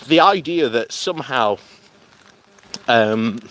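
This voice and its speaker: A man's voice: mid-range voice, lively intonation, slow pace, a bit bright, slight background noise. A man giving rambling, casual political commentary while walking outdoors. He often laughs as he talks and films himself on a handheld camera. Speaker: political vlogger. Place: outdoors on a morning walk.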